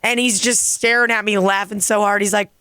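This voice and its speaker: A woman comedian co-hosting a podcast, telling stories in a casual, profane, animated way. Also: mid-range voice, fairly quick, clean tone, dry recording, studio quality. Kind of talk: casual podcast chat and storytelling. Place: dining room.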